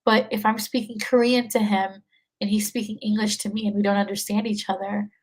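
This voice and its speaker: A woman's voice: mid-range voice, flat delivery, a little fast, a little mellow, poor audio. A young woman in her twenties, a podcast guest, talking casually with many fillers and frequent laughs. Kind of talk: casual conversation.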